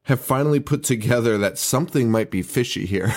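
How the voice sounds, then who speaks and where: A man's voice: mid-range voice, fairly quick. A man co-hosting a podcast, recapping a movie in casual chat, laughing often, swearing and restarting his sentences. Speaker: podcast co-host.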